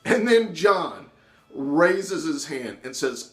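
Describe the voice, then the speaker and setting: A man telling a personal story in an animated way, acting out the voices of the people in it. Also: a little high, slow pace. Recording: echoey room.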